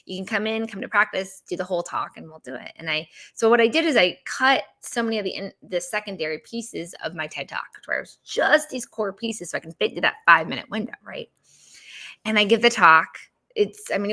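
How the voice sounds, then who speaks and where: A woman coaching host telling a personal story in an animated way, acting out her past dialogue. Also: lowish voice, a little fast. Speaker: business coach and podcast host.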